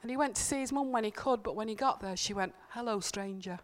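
A woman's voice: a little high, quick pace. A woman giving an informal, earnest sermon in church, telling personal stories and repeating key points for emphasis. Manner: earnest, conversational, emphatic repetitions. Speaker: church speaker.

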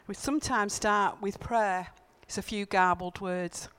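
A woman delivers an informal, earnest sermon in church, sharing personal stories and repeating key points for emphasis in a conversational way. Her mid-range voice is steady, fairly bright and clean, and a little slow.

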